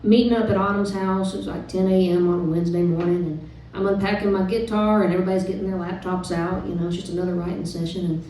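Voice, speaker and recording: Woman, singer-songwriter, stage banter, chatty rambling storyteller, dark mellow tone, far mic, very echoey live room. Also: lowish voice, fast talker, a little hiss or hum. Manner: chatty, relaxed storytelling with fillers. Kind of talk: casual stage banter between songs. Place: live music club stage.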